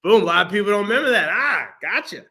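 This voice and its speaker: A man's voice: sits high, big pitch swings, quick pace, pushed and bright, husky. A young man co-hosting a podcast, chatting casually and jokingly about movies, laughing often. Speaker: podcast co-host. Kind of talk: casual movie review chat.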